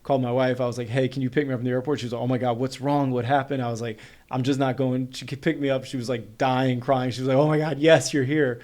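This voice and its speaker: A man in his thirties from North Carolina, a podcast guest telling a story in casual conversation, quick and animated, with lots of "like" fillers. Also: mid-range voice.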